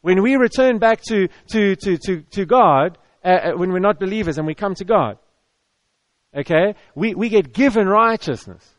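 A man with a high voice preaches a sermon in a loose, chatty way. He repeats himself and stumbles over restarts. The sound is close and dry. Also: animated, moderate pace, no room sound. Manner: conversational, repetitive, with stammered restarts. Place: church hall with audience.

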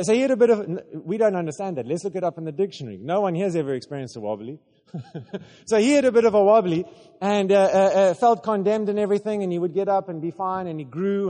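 A male preacher telling a story in a sermon, animated and halting, with many restarts. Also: on the high side, long reverb tail.

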